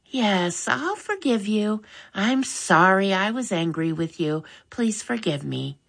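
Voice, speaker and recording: A woman reading aloud, voicing a young girl who speaks in high, exclaiming tones. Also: sing-song, slow, creaky, full character voice. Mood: chatty. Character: young girl, helpful older sister type.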